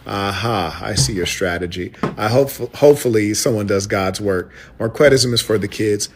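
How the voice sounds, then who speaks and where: A man lectures in a long commentary rant, mocking others as he goes. His voice is on the low side. Faint noise sits underneath. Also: normal speed. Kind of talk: ranting commentary.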